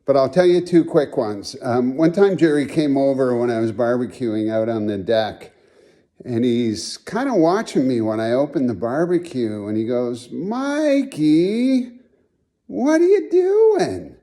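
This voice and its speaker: A man giving a storytelling tribute recounts funny anecdotes about a late friend, speaking at a normal pace in a medium-pitched voice. Folksy and animated, he performs the quotes by doing the voices of the people in his stories.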